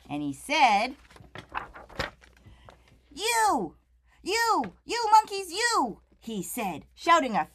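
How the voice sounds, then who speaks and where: A woman reading a picture book aloud to children, playful and animated, turning to the kids with questions as she goes. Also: a little high. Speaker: storyteller.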